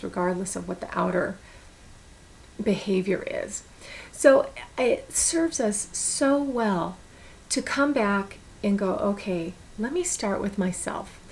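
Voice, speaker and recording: A woman's voice: medium pitch, creaky, darkish tone, low-quality recording. A woman talking to camera in an earnest, encouraging way, giving casual self-help advice. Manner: earnest, encouraging, repeats words. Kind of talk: casual motivational talk to camera.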